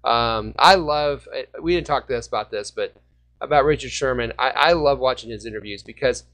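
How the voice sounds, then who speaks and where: A man hosting a casual sports fan podcast, joking around and sometimes breaking into loud shouts. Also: medium pitch, normal speed. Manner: jokey, bursts into shouting. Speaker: podcast host.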